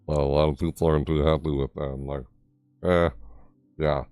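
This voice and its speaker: A man giving a casual, rambling commentary on a video game, full of fillers, his voice jumping high when surprised. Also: little pitch movement, brisk, a little mellow, clear, resonant tone, faint music behind. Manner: rambling, easily amazed, many fillers. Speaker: gaming YouTuber.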